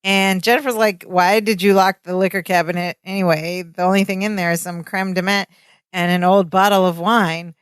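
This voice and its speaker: Podcast lady recapping an old sitcom, middle pitch, acts out the lines, dry close mic. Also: moderate pace, clean tone, no room sound. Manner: animated retelling, acting out lines. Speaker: podcast co-host. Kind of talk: casual chat recapping a sitcom episode.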